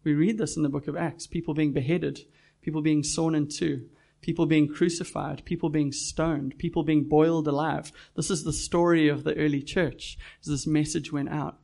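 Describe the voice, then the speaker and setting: A man's voice: on the high side, level tone, normal speed, vocal fry, darkish tone. A pastor preaching a sermon to his church, earnest and direct, putting questions to the congregation.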